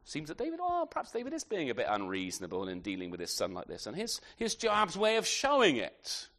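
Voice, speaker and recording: A man's voice: a little high, huge pitch swings, fairly bright tone. A man preaching an expository sermon in a conversational way, often ending points with tag questions and restarting his sentences. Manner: halting restarts, repeated words.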